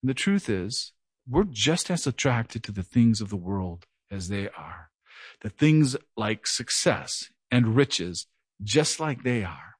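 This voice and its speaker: A man's voice: lowish voice, sing-song, takes it slowly, slightly rough, dry recording. A middle-aged man preaching an earnest verse-by-verse Bible teaching, with a slight stutter. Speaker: pastor. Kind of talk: sermon.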